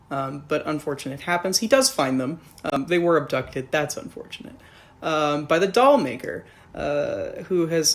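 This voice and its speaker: A man casually reviewing a film in a rambling, profane, sarcastic way. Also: on the high side.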